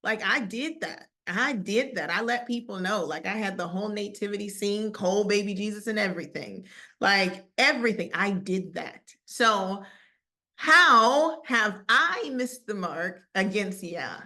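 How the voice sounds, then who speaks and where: A woman teaching scripture in a casual, lively way, acting out quoted voices and laughing often. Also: medium pitch, a little slow. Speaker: Bible teacher.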